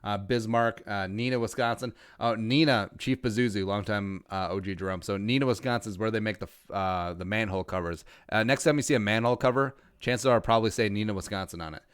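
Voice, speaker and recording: A man hosting a casual livestream podcast, laid-back and wry, reading out viewer shout-outs with quick jokes. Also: on the low side, clean tone, no room sound, clean studio sound. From Minnesota. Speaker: podcast host.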